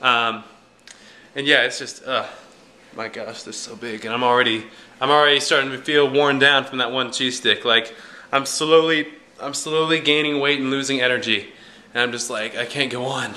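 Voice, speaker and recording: Young male vlogger, bright tone, loose rambling delivery, self-deprecating humor. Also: medium pitch, fairly even intonation, normal speed. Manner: rambling, jokey and self-mocking, with many fillers. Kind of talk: casual vlog chat.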